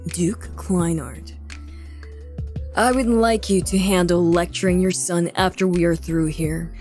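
A woman voicing a calm young male prince, cool, measured and formal. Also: fairly low pitch, faint music behind, close to an everyday voice. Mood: cold calm. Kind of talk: live manga reading with voices.

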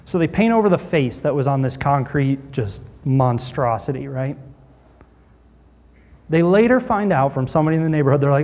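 A pastor telling a story in a sermon, animated and acting out what people said. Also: male voice, fairly high pitch, moderate pace, long reverb tail.

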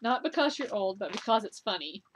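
A woman's voice: medium pitch, background noise. A middle-aged woman hosting a knitting video podcast, chatting to camera in an enthusiastic, gushing way with many ums and laughs. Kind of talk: casual chat to camera.

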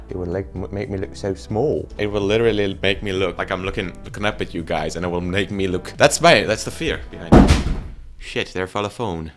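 A low-voiced man with a gravelly, creaky edge, talking into a webcam at home. He rambles and jokes at his own expense in a casual vlog, with faint music playing behind him. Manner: rambling, self-mocking, talking to himself while adjusting camera settings. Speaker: YouTuber.

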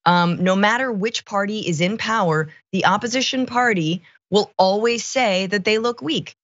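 A woman co-hosting a political commentary show, talking in an animated, sarcastic way with quick asides. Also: medium pitch, no room sound, muffled recording.

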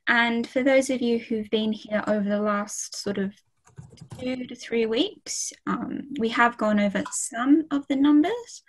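A woman's voice: a little high, measured pace, rough recording. A young woman tutoring a beginners' French class online, chatty and encouraging, with frequent fillers. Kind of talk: online language lesson.

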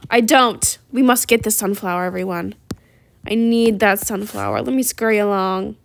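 Woman gaming host, chatty and rambling, higher voice with vocal fry. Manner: chatty and rambling, easily excited. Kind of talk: casual gameplay commentary.

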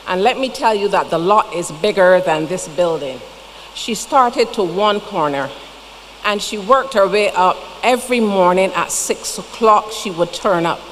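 A woman with a Barbadian accent giving a funeral tribute in a church, telling folksy stories with chatty asides. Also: medium pitch. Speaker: eulogy speaker. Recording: long church reverb, faint noise.

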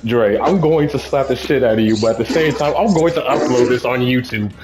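A man's voice: mid-range voice, a little fast. A man hosting a gaming session, laughing and jokingly threatening a friend, repeating himself as he talks. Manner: amused, threatening in jest, repetitive. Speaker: channel host. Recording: echoey room with loud chatter.

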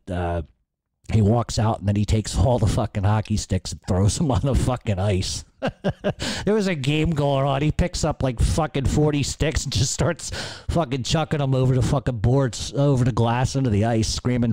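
A man's voice: medium pitch, moderate pace, mellow, no echo. A man hosting a podcast, telling a rambling, profanity-laced story. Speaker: podcast host. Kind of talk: casual storytelling.

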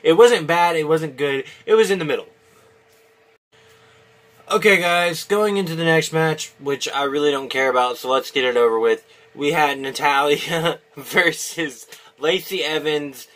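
Bright-voiced, rambling man reviewing. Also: fairly high pitch, measured pace. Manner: rambling, many restarts and fillers, opinionated. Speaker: wrestling reviewer. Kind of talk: casual video review.

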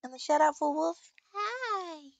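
A young woman live-streams a horror game in a very high-pitched, animated, creaky voice at a measured pace, chatting casually to viewers, swearing freely, and shrieking at scares. The recording is muffled with no room sound.

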